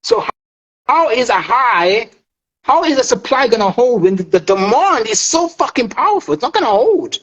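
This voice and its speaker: A man's voice: very high voice, sing-song, normal speed, fairly bright tone, poor audio. A man explaining trading in a casual interview, emphatic, swearing and checking in with the listener. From South Africa. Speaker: forex trader.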